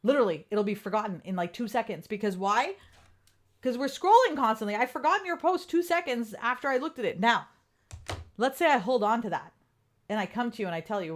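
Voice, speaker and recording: A woman coach talking casually and candidly on a live stream, animated and swearing freely. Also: on the high side, brisk.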